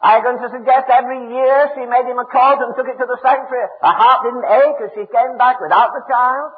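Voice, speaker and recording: A man's voice: extremely high pitch, fairly even intonation, brisk. A man preaching a sermon in a church, emphatic and repeating words as he drives his points home. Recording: echoey hall, tinny phone-like sound.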